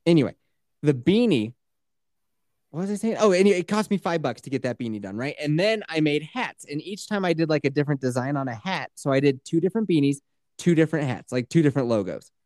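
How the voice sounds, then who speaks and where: Man, podcast co-host, casual rant, lively swooping pitch, cusses a lot. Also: fast, no echo, clean studio sound. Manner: animated ranting, swears freely. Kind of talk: casual chat.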